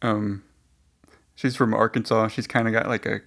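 A man's voice: on the low side, little pitch movement, moderate pace, vocal fry, fairly bright tone. A man hosting a casual online voice chat, rambling with many hesitations. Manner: rambling, hesitant, lots of restarts and likes. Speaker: podcast host.

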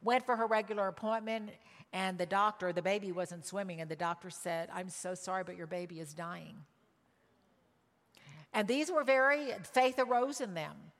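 A woman preaching a sermon, telling a story with emotion and shifting from loud cries to hushed words. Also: mid-range voice, moderate pace, big-room sound. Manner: emotional, swings from loud exclamations to hushed tones.

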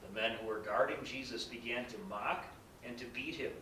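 A man reads scripture aloud at a measured, solemn pace. His voice is bright and clear, ringing through a roomy, echoing space. He sounds set back from the mic, with a faint rumble behind him. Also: distant mic. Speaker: scripture reader.

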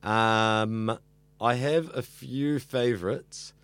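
A man's voice: medium pitch, extremely slow, a bit bright, clean tone, dry recording. A young man who studies radio and hosts an evening show, chatting earnestly in an interview with lots of fillers and restarts. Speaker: radio student and evening radio host. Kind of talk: casual interview chat.

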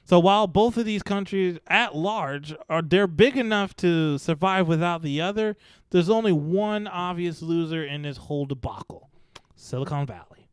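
A man with a fairly high, clean voice runs through news stories in a casual vlog style. He is blunt and profane and mocks the people he talks about. The sound is close and dry, with no room around it. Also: moderate pace, smooth, no room sound. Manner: blunt, profane, mocking, animated. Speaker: news commentary host.

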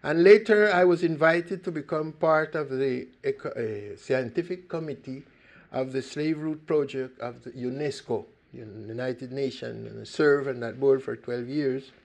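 A man's voice: mid-range voice, a little slow, gravelly, darkish tone. An older man from Costa Rica giving an earnest public talk, with sudden emphatic rises in his voice.

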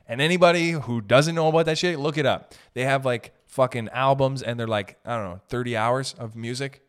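A young man ranting in a profane, animated way during casual podcast chat. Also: mid-range voice, normal speed, few pauses. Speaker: podcast host.

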